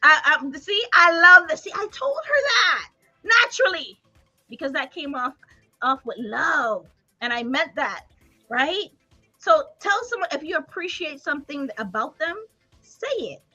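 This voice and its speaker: Woman, motivational talk host, high pitch, emphatic, laughs often, faint music behind. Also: animated, measured pace, pushed and bright, muffled recording.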